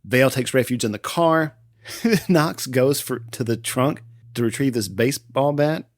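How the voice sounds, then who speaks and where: An enthusiastic male podcast host walks through a movie scene by scene, laughing often and acting bits out. His voice sits at an ordinary middle pitch, recorded close and dry. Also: unhurried, dry recording. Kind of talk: casual movie recap chat.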